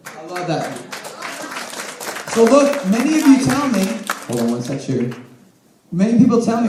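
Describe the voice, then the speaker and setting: A high, lively male voice delivers an emphatic motivational health talk. He calls on people in the audience as he speaks. The sound is very echoey and picked up from a distance. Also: moderate pace. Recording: echoey room, mic at a distance.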